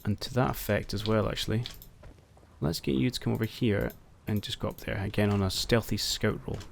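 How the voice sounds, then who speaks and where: Low-voiced man narrating a war game. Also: fairly quick, vocal fry, slight background noise. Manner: thinks aloud, talks to his units, excited outbursts. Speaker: gameplay commentator. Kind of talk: casual let's-play commentary.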